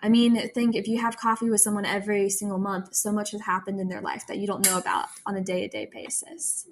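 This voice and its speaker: A woman's voice: medium pitch, quick pace, slight background noise. A young woman hosting a candid devotional podcast, talking earnestly and confessionally, often laughing at herself. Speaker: faith podcast host. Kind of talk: candid personal devotional talk.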